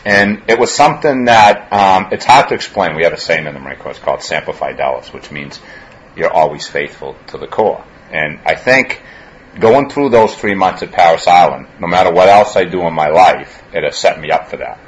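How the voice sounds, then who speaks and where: A campus police officer with a Boston accent, talking earnestly in an interview and often saying "you know". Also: male voice, low voice, lively intonation, normal speed, slight background noise, low-quality recording.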